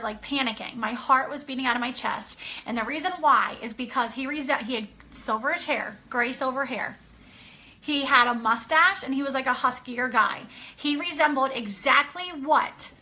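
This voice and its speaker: A woman in her thirties, an author telling a personal story in an earnest, animated way, often checking in with her listeners. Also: on the high side. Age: 30s. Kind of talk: casual personal talk.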